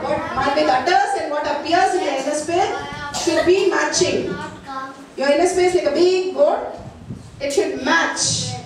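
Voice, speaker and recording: A woman teacher, talking to a class of children and often checking that they understand. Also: high voice. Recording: echoey room, mic far from speaker.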